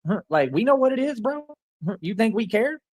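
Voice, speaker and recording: Fast-talking, boastful man ranting on a livestream. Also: very high voice, sing-song, darkish tone, dry recording. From Rio Grande Valley, Texas. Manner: boastful, rambling, repeats filler phrases; angry and confrontational.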